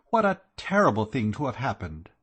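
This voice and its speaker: A man's voice: medium pitch, wildly swooping pitch, brisk, a bit bright, husky, exaggerated voice. A man voicing a gushing, effusive middle-aged society woman in an audiobook.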